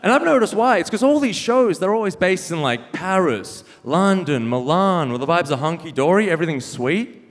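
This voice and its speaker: A man's voice: high-pitched, big pitch swings, normal speed. A young man doing a stand-up comedy set, punchy and wry, laughing at his own jokes on a club stage. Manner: punchy, wry, self-mocking delivery with frequent laughs. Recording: live venue reverb with faint noise.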